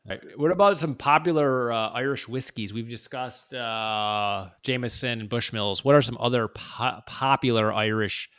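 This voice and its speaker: A man's voice: mid-range voice, moderate pace, hardly any pauses, fairly bright tone, clear, resonant tone, no echo, clean studio sound. A man co-hosting a casual podcast chat, rambling and correcting himself as he talks. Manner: rambling, self-correcting, jokey. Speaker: podcast co-host.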